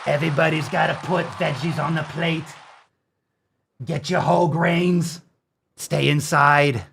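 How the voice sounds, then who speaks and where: A man doing a smug, slow-talking official who claims he is science. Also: on the high side, steady tone, creaky, a crowd in the background, noisy background, pitched above the performer's own voice. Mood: smug mocking. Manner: slow, drawn-out, mock-authoritative. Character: smug self-important male official, impression.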